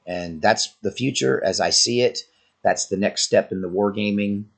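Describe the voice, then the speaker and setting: A man's voice: fairly low pitch, moderate pace, vocal fry, fairly bright tone. A man with a sore throat giving an earnest, warning commentary monologue as a channel host. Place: Oklahoma, US.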